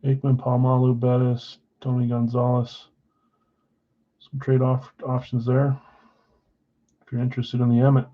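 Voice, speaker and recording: A man's voice: medium pitch, completely flat delivery, a little slow, pauses often, dull audio. A man hosting a live card break from a card shop, reading out names and teams in a casual, tired way. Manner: casual, reads names off a list, tired and yawning.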